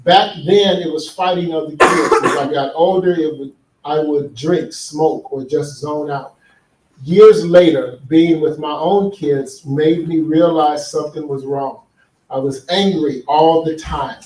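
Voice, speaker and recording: A man gives an earnest conference talk on men's healing in a large hall with an audience, telling stories and asking them questions. His voice is on the high side, steady and unhurried, recorded from far off in an echoey hall.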